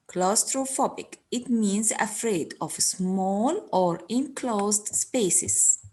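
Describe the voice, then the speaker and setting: Husky-voiced teacher lady going really slow, says each word twice. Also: mid-range voice, a little mellow. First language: Arabic. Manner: slow, repeats words and gives meanings. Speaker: English teacher. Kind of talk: recorded classroom lesson.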